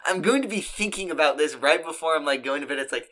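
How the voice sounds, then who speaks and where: A man's voice: fairly high pitch, fast talker, bright, forceful tone. Hesitant man chatting casually. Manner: hesitant, many restarts and fillers. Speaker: podcast guest. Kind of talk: casual chat.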